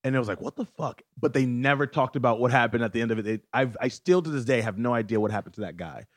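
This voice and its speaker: A man's voice: medium pitch, racing, dry recording, studio quality. Easygoing man chatting as a podcast guest. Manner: easygoing, chuckling, rambling with fillers. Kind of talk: casual chat.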